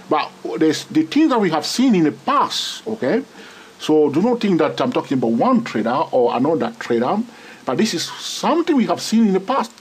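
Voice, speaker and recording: Male trading tutor, husky voice, very lively pitch, keeps checking "okay?". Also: low-quality recording. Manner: repeats "all right?" and "okay?" often, pointing at charts. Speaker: trading instructor. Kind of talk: screen-recorded trading lesson.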